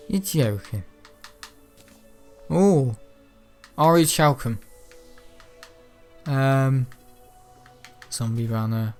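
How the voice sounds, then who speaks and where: A man's voice: medium pitch, extremely slow, pauses often, a little mellow, faint music behind. A young man who is ill, chatting in a rambling way with many ums during gameplay commentary. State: ill, unwell. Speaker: gaming channel host.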